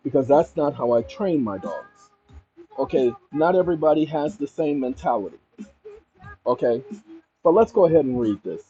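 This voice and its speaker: A man with a high voice reads out a news story and breaks off to give his own take, stressing his points and turning to his viewers again and again. The recording sounds dull and lo-fi. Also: lively intonation, normal speed, pauses often, dark tone, soft background music. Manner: emphatic, addresses viewers directly. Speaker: commentary channel host. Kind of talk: reading news and reacting.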